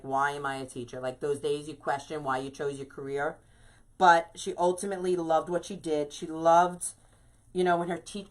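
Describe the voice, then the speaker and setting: A woman's voice: on the low side, a bit bright. A woman from New York hosting a live craft stream, chatting bubbly and casual and greeting viewers by name.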